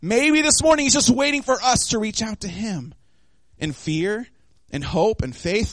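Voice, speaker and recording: A man preaching a sermon in an animated way, acting out the voices of the people in the story. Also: high-pitched, a little slow, no room sound. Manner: animated, acts out voices of the disciples and of God.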